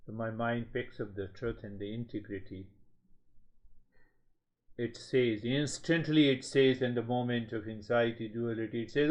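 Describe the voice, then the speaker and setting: Measured man giving a spiritual talk. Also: medium pitch, darkish tone. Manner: slow, measured, repetitive phrasing. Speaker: spiritual teacher. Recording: slightly dull lo-fi sound.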